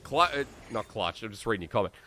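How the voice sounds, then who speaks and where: Aussie guy casting esports solo, bright voice, hypes the plays and chats with chat. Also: fairly low pitch, fast talker. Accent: Australian. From Australia. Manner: excitable, chatty, thinks aloud. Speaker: esports caster. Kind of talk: solo play-by-play commentary and chat. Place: New South Wales.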